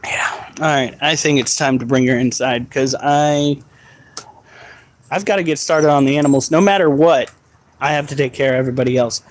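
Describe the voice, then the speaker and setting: A man's voice: medium pitch, steady tone, moderate pace, poor audio. A man chatting on a casual live stream while caring for his pets, joking, swearing and scolding his dogs. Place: at home with animals.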